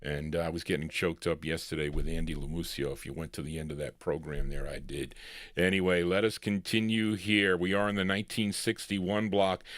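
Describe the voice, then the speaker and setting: A man's voice: low voice, a bit bright, dry recording, clean studio sound. A man hosting a live oldies record show, talking casually between songs, rambling and correcting himself as he goes. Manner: rambling, self-correcting, chatty. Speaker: radio show host spinning records.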